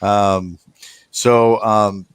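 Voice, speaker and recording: A man hosting a podcast in casual group chat, laughing often and filling pauses with many "uh"s and restarts. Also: fairly low pitch, fairly even intonation, smooth, dry recording. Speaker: podcast host.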